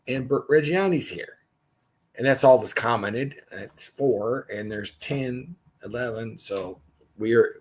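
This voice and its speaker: A man's voice: mid-range voice, low-quality recording. A man leading a casual livestreamed Bible study, reading scripture aloud and adding his own asides.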